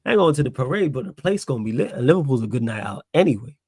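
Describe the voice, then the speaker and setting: Man, Mancunian accent, young adult, gravelly, casual football podcast, slangy and relaxed, dry close sound. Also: medium pitch, very fast, no echo. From Manchester, England. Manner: laid-back, laughs often, slangy. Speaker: podcast host.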